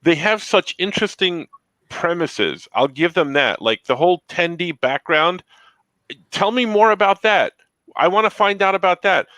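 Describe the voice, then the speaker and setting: A man's voice: sits high, animated, moderate pace, bright, forceful tone, no echo, rough recording. A man co-hosting a podcast, frustrated, often restarting his sentences with stammers in casual chat. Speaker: podcast co-host.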